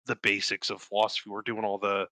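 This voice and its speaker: A young podcast co-host tells a story with lots of swearing and quick character voices. His tone is bright and forceful, and the recording is dry and close. He talks casually and animatedly. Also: fairly low pitch, completely flat delivery, dry recording, poor audio. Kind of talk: casual chat.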